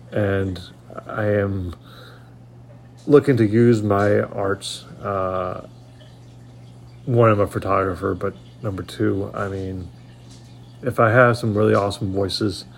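A man's voice: fairly low pitch, gravelly, a little hiss or hum. Rambling man in his forties. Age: 40s. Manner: rambling, heavy on fillers like "you know". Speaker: aspiring voice actor. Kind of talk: casual self-promo chat.

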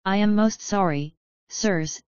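A woman voicing a nervous, eager-to-please male house-elf who speaks slowly and timidly. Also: medium pitch, darkish tone, smooth, no echo, muffled recording, lightly acted. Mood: anxious. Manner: timid, apologetic, slow speech.

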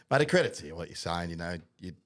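A low-pitched man cohosting a podcast. He speaks in a reflective way and steers the conversation. He sounds laid-back and casual. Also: very animated, fast talker, fairly bright tone. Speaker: podcast co-host. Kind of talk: casual chat.

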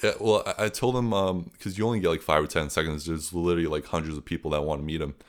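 A young man with a low-pitched voice, guesting on an interview podcast. He tells his story in a casual, earnest and rambling way, leaning heavily on filler words as he goes. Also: fairly even intonation, quick pace.

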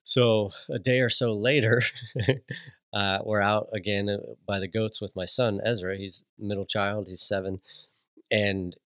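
A man hosting a podcast, telling a casual story with animated delivery, frequent laughs and many restarts. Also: lowish voice, measured pace, clear, resonant tone, dry recording. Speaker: podcast host.

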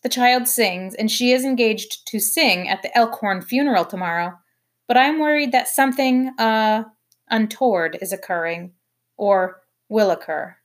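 A woman voicing a nosy, bossy woman who talks loudly and accusingly. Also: fairly high pitch, normal speed, lightly acted. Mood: bossy, suspicious. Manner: loud, accusing.

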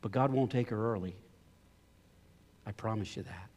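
A middle-aged man preaching a sermon as a pastor, swinging from loud impassioned pleading to low, quiet storytelling. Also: moderate pace, slightly rough. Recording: long hall reverb.

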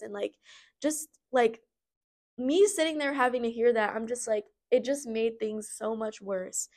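Candid young woman, higher voice. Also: moderate pace. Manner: candid and rambling, many fillers; blunt, occasional swearing. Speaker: podcast host. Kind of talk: personal storytelling.

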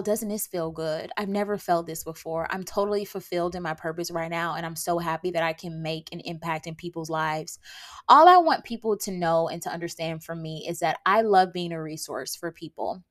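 Animated young woman podcasting solo. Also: fairly low pitch. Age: 20s. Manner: animated, emphatic, laughs often. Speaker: podcast host and beauty tattoo artist. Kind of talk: casual solo podcast monologue.

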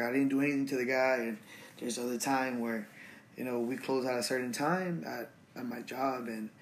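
A young man hosting a solo podcast, talking in a relaxed, slangy way as he rants about his day. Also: medium pitch, a little hiss or hum. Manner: relaxed, slangy and ranting, full of fillers. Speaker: podcast host. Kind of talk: casual solo podcast monologue.

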